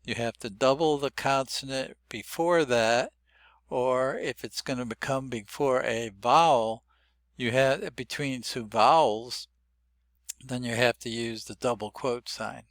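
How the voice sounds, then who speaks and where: A man's voice: medium pitch, unhurried, a bit bright, dry recording. An older man explaining a spelling system in a loose, rambling tutorial with frequent restarts. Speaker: phonetics teacher. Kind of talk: unscripted tutorial.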